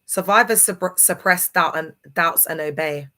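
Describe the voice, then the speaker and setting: With a deep, pushed, bright voice and a slightly slow pace, a woman speaks casually to her live viewers in her grief. She preaches emphatically, often asking whether they understand.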